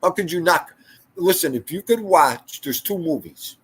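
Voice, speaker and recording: A man's voice: fairly high pitch, expressive, moderate pace, a bit bright, husky. An older man hosting a casual livestream, rambling through stories and talking to viewers in the chat by name. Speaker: livestream host.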